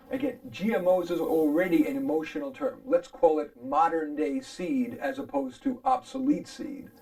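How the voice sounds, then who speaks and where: A man's voice: fairly high pitch, creaky, darkish tone, poor audio. A man arguing his side in a formal debate, emphatic and pointed in his rebuttal.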